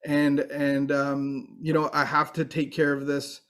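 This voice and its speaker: Guy talking earnestly about recovery, slightly high voice, lots of restarts. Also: monotone, unhurried, fairly bright tone. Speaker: recovery speaker. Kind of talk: faith-based recovery talk.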